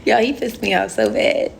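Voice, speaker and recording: Woman livestreamer, gravelly fry, mid pitch, chatty and rambling, phone mic. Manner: chatty and rambling, laughs often. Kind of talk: casual livestream chat.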